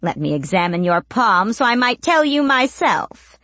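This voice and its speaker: A woman's voice: a little high, sing-song, moderate pace, fairly bright tone, no echo, voice pushed up. A woman playing a crooning old crone witch. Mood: crooning menace. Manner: crooning, cackling, taunting. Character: old crone witch fortune-teller, sly, menacing.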